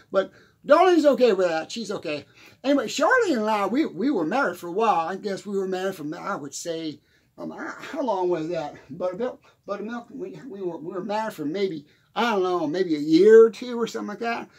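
A man's voice: high-pitched, a little mellow, slightly rough. A man playing a rambling small-town country singer, stammering and chuckling as he talks. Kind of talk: comedic character monologue.

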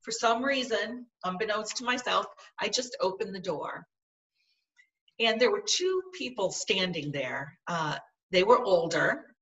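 Bright-voiced woman telling a story earnestly. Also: medium pitch, lively intonation, a little slow, recorded from a distance, muffled recording. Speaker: podcast guest. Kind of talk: personal storytelling in an interview.

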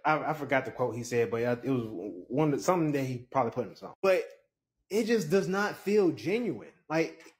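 A man giving an animated, exasperated opinion in a casual clip. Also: a little fast. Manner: animated, pitch swinging up when exasperated. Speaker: commentator.

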